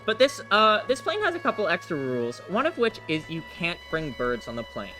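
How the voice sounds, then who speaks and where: Guy speedrunning and telling a long joke, fairly high voice, game music loud behind. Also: huge pitch swings, brisk, rough recording. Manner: rambling joke-telling, many fillers. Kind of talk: casual gameplay commentary.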